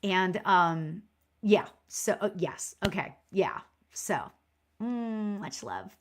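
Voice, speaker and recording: A woman's voice: medium pitch, lively intonation, slow. Chatty woman giving a live psychic reading. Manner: chatty, filler-heavy, repeats "you know"; warm and encouraging toward viewers. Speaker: spiritual medium.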